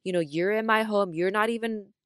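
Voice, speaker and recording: Woman, young adult, podcast co-host, casual storytelling, smooth clear voice, dry close sound. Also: brisk, no room sound. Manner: animated storyteller, acts out quotes with big pitch jumps; frequent fillers like "like" and "right?". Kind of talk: casual chat.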